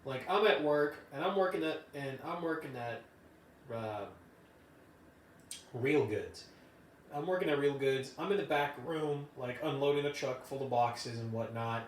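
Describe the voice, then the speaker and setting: A young vlogger rants casually to the camera in a rambling, profane, loose way. His voice is medium-pitched at a measured pace. He sounds roomy and distant from the mic, with slight background noise.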